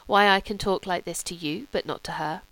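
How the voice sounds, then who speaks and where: A sardonic artist who speaks in an ornate, brooding and ironic manner, as a woman reading a novel voices him. The voice is smooth and clear. It is recorded close, with no room sound. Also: fairly low pitch, fairly even intonation, brisk, a bit bright, no room sound, poor audio.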